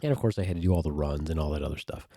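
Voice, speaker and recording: A man on a podcast telling an animated story with crude humor in a casual way. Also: rumbling low, racing, no room sound, clean studio sound. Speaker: podcast co-host.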